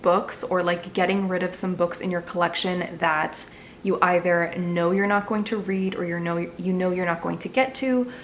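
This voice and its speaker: A woman's voice: on the low side, steady tone, moderate pace, a little hiss or hum. A young woman chatting casually in a vlog, answering viewer questions with lots of fillers. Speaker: book vlogger.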